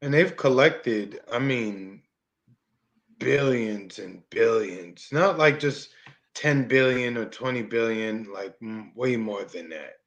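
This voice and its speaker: A man's voice: mid-range voice, slow pace, a bit bright, lo-fi sound. A man co-hosting a casual talk show, sarcastic and drawling. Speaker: co-host.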